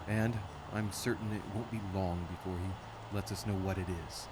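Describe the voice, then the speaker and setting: An actor playing an earnest young male nobleman in a video game, speaking politely and earnestly, with loud noise over the game audio. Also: low voice, fairly even intonation, moderate pace, close to an everyday voice.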